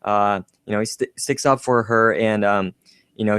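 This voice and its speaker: A man co-hosting a podcast, chatting casually about a film, animated and laughing often as he acts out quotes. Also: fairly low pitch, normal speed, clean tone, no echo, studio quality. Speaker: podcast co-host.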